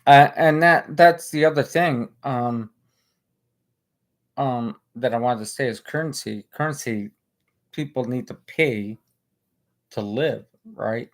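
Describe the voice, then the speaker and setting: A man hosting a casual livestream, talking earnestly in a halting way with many restarts. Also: medium pitch. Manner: earnest and emotional. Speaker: livestream host.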